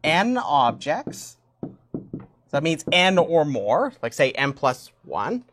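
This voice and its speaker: Lively, chatty woman teaching math. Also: low voice, takes it slowly. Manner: chatty, laughs often, excitable, talks to her cats. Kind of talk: casual math lesson with props.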